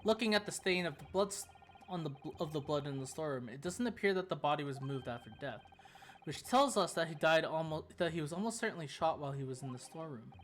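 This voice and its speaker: A man's voice: a little high, lively intonation, fast, a bit bright, a little hiss or hum. Man streamer reading courtroom lines. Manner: reads courtroom lines earnestly with small slips and restarts. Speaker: streamer reading game dialogue. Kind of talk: let's-play dialogue reading.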